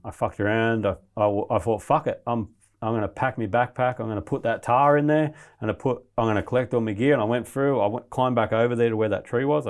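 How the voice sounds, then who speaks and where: A man's voice: on the low side, creaky, darkish tone. A man, a podcast guest, recounting a survival ordeal in casual, heavily sworn storytelling. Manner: swears constantly, restless retelling of his ordeal.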